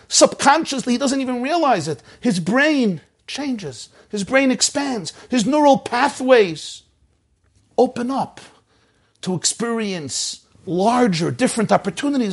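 Preacher-storyteller, male, higher register, animated delivery. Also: husky. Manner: animated, acts out shouting voices. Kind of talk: sermon storytelling.

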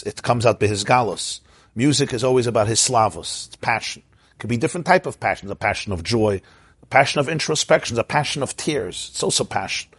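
A man's voice: mid-range voice, breathy edge, no room sound. A man teaching an informal Torah class, telling stories, asking his listeners questions and chanting Hebrew verses.

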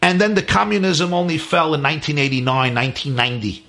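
A man's voice: on the high side, fairly even intonation, quick pace, pushed and bright. A man, a rabbi, telling a story in a sermon with emphatic repeated lists.

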